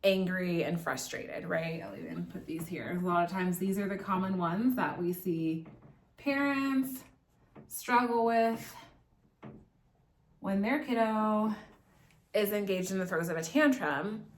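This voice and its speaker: A woman's voice: on the low side, normal speed. Woman, young adult, parenting educator, casual instructional talk, conversational, fillers and restarts.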